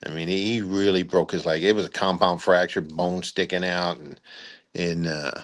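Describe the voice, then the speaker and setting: An older retired army general telling stories in an interview, rambling with restarts and acting out quotes loudly. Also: male voice, low-pitched, steady tone, moderate pace. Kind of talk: storytelling interview.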